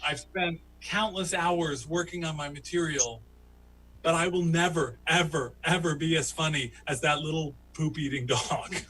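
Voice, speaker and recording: A man doing a stand-up comedy story who laughs at his own tale and jumps into high, squeaky voices for the people he quotes. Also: normal speed, sharp tone, poor audio. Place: home, virtual show.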